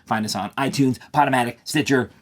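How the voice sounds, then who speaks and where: A man co-hosting a casual podcast about a TV show, talking in an animated way and acting out scenes. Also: mid-range voice, a little fast. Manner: animated, laughing, acts out scenes in quoted voices. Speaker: podcast co-host.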